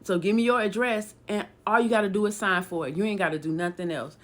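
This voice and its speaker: A woman voicing a scheming young man who gives instructions in a low, coaxing tone. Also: fast talker, a bit bright, natural voice.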